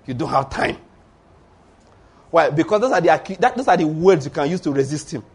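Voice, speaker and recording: A man preaching a sermon, animated and acting out the voices of people in his stories. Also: fairly high pitch, a little fast, slightly rough. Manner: animated, acts out voices of Satan and church members.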